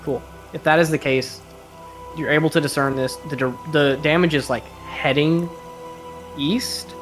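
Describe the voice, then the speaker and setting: A man's voice: on the high side, steady tone, measured pace, over music. A man running a tabletop game as game master, describing scenes casually with lots of fillers.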